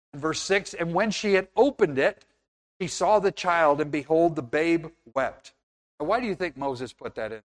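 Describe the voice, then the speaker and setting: A man preaching a sermon in an earnest, conversational way, now and then acting out little scenes. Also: on the high side.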